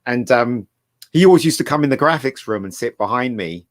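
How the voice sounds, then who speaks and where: A man's voice: medium pitch, lively intonation, a little fast, dry recording. Middle-aged man, rambling storyteller, dry close sound. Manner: rambling anecdotes with restarts. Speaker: guest. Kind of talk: casual chat.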